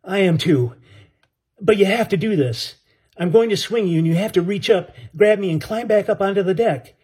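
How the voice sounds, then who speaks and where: A man voicing a desperate young male marine, pleading and strained as he shouts for help. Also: high voice, normal speed, breathy edge, pitched above the performer's own voice.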